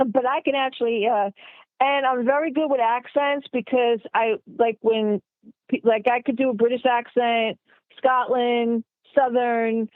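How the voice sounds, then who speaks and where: A woman's voice: on the high side, steady tone, unhurried, no room sound. A woman from New York, a guest actress chatting casually in an interview, rambling with lots of fillers. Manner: rambling, heavy use of fillers like "like" and "you know". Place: remote call from home city. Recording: tinny phone line, dry.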